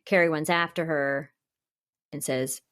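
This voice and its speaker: A woman's voice: low-pitched, steady tone, unhurried, a bit bright. A woman co-hosting a podcast, recapping a TV episode in casual chat and reading quotes from her notes. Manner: reads quotes from notes, chatty, laughs often. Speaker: podcast co-host.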